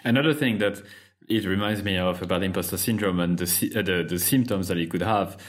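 A man with a French accent talks as a podcast host, his voice sitting a little low. He is frank and loose, restarting sentences and dropping casual swear words as he goes. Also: a little fast. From France. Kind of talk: casual conversation.

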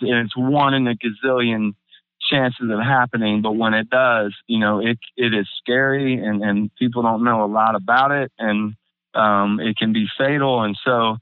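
A young adult man tells a hard personal story in a halting, emotional way, with many fillers and restarts, close to tears. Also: on the low side, fairly even intonation, clear, resonant tone, dry recording. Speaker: guest. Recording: phone-like narrow band, dry.

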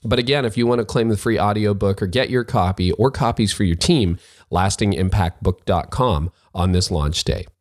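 Brief: low-pitched male podcast host, upbeat and chatty, easy conversational read. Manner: upbeat, chatty, quick asides. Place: office studio at a lakeside retreat.

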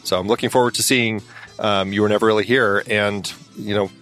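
A man co-hosting a film podcast, talking in a relaxed, easygoing way. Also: lowish voice, a little fast, faint music behind. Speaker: podcast co-host. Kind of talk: casual film podcast chat.

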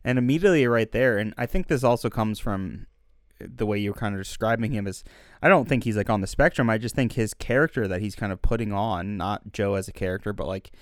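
A man's voice: fairly low pitch, fairly quick, no room sound, studio quality. A young man co-hosting a film podcast, talking in long, thoughtful, winding sentences. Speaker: podcast co-host. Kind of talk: casual film discussion.

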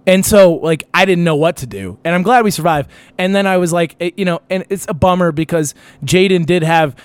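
A man's voice: high-pitched, a little fast, clear, resonant tone, dry recording. A young man telling a wild story on a casual talk show, swearing often and acting out what people said. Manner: animated, profane, acts out quotes.

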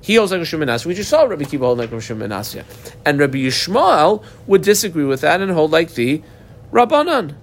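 A man's voice: fairly high pitch, big pitch swings, fast. A man teaching a Talmud class, reading Aramaic lines aloud and then explaining them in plain English.

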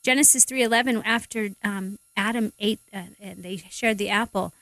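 A woman guest on a faith radio show, speaking in an animated way, with big swings in pitch as she acts out what people say. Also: normal speed, no echo. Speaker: parent. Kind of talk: faith-based radio talk.

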